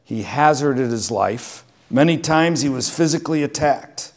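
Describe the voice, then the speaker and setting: Middle-aged pastor telling stories. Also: male voice, mid-range voice, unhurried. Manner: relaxed storytelling with dry humor. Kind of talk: sermon.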